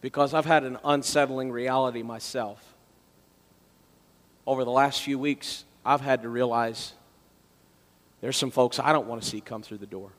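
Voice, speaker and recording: A male pastor, preaching a sermon with dramatic storytelling that swings between loud passages and quiet ones. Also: medium pitch, fairly even intonation, normal speed, long pauses, in a large hall.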